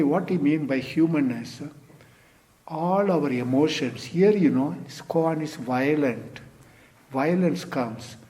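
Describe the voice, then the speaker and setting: Older male Zen teacher, dharma talk, slow and plain, non-native English, "you see" tags. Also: medium pitch, a little mellow. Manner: unhurried, frequent "you see" and "you know" tags.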